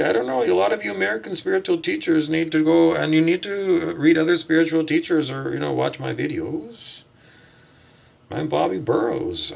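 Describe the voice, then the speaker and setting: Gravelly, husky man ranting profanely. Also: on the high side, muffled recording. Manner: blunt, profane, preachy, asks and answers his own questions. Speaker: self-styled spiritual teacher. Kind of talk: ranting vlog monologue.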